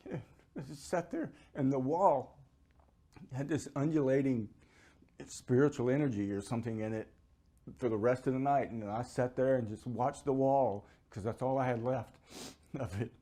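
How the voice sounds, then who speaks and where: A middle-aged man giving an emotional personal account, his voice climbing high as he relives the experience. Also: fairly even intonation, moderate pace, mellow. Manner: emotional, pitch rising sharply as he relives it. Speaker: near-death experiencer. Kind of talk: personal testimony.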